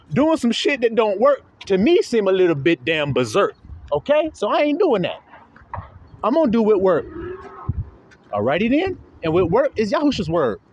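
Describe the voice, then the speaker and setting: A man's voice: sits high, huge pitch swings, moderate pace, pauses often, a little hiss or hum. A man preaching an informal sermon, folksy and profane, talking straight to his listeners.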